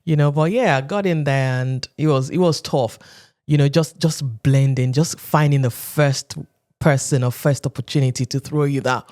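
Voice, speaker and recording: A woman from Nigeria in her thirties, telling stories as a podcast guest and acting out quotes in animated voices. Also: extremely low pitch, moderate pace. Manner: animated storyteller who acts out quotes, often laughing. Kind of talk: casual interview talk.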